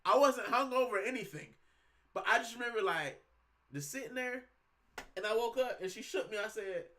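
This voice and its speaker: A man's voice: high voice, expressive, a little fast, sharp tone. A man from Puerto Rico hosting a football channel, telling stories in slangy casual chat and calling his listeners bro. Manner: slangy storytelling, keeps saying bro.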